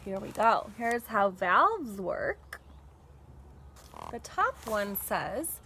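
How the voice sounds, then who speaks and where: A woman teacher reading a chapter book aloud to children, expressive and pausing to explain the pictures. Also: fairly high pitch. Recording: recording with steady background noise.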